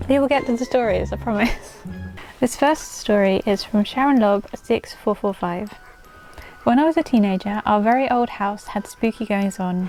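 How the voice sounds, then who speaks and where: A woman's voice: mid-range voice, mellow. Chatty woman reading spooky stories. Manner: chatty, breaks off to coax her dog in a sing-song voice. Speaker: channel host reading viewer stories. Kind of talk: casual storytelling vlog. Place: at home with her dog.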